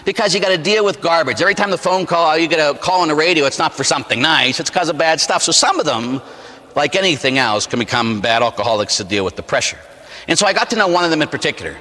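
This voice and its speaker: A Catholic priest in his forties from Pittsburgh, preaching a sermon with animated storytelling and rhetorical "huh?" asides. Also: fairly high pitch, quick pace, in a large hall. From Pittsburgh, USA. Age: 40s. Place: church.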